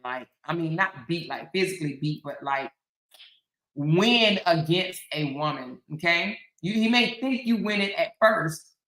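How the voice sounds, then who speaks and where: A woman chats with her viewers, bursting into dramatic exclamations. Her voice sounds bright and forward. She talks slowly and unhurriedly, and the room around her echoes. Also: fairly low pitch. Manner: animated, dramatic exclamations and laughter. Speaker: commentary livestream host. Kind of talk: casual chat to viewers.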